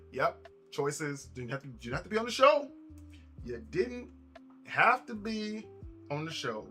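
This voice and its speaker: A man's voice: a little high, bright, forceful tone. A man chatting casually on a live stream, rambling with lots of repeats and asides to his chat.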